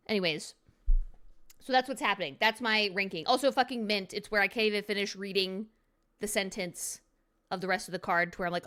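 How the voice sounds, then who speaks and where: A woman's voice: medium pitch, fairly quick, fairly bright tone. A woman streamer giving a casual card review at her computer, goofy and playful with silly jokes.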